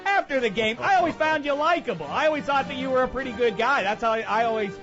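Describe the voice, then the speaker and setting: A man's voice: very high-pitched, lively intonation, fast talker, muffled recording, music in the background. A man hosting a comedic sports radio segment, ranting sarcastically and with heavy emphasis. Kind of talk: comedic sports commentary rant.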